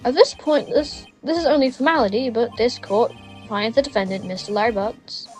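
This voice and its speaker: A young woman voicing a solemn game judge delivering a verdict in a measured, formal way. The voice stays fairly high, an ordinary reading with just a slight dip in pitch. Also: darkish tone, soft background music, natural voice, low-quality recording. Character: stern older male judge, formal.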